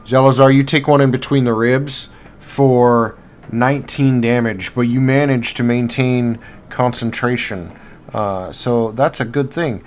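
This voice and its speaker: A man narrating as game master for a live tabletop game, halting and filler-heavy as he describes the action. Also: mid-range voice, steady tone, slight background noise. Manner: halting, with many fillers and restarts. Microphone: streaming mic.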